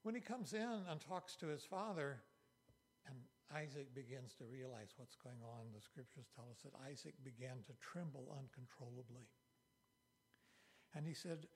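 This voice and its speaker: A man's voice: mid-range voice, slow pace, long pauses, husky. A man preaching a sermon as pastor, earnest and emphatic, repeating key phrases for weight.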